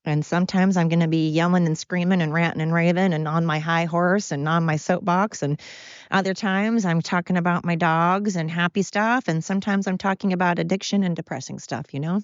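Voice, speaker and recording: A woman's voice: on the low side, fairly even intonation, fairly quick, dry recording, highs cut off. A tired woman hosting her podcast at home, talking in a rambling, candid monologue. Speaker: podcast host. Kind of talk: casual personal monologue. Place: at home with pets.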